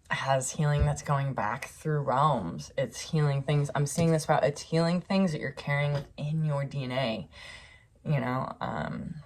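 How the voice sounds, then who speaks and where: A woman's voice: very deep voice, darkish tone. A young woman reading cards for viewers, earnest and rambling with many fillers, recorded on a phone. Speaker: tarot reader.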